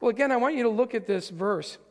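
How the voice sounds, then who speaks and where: A man preaching a sermon to his congregation, emphatic, swinging between hushed and loud, speaking to them directly. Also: very high-pitched, lively intonation, fast talker. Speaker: pastor. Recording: long reverb of a large hall.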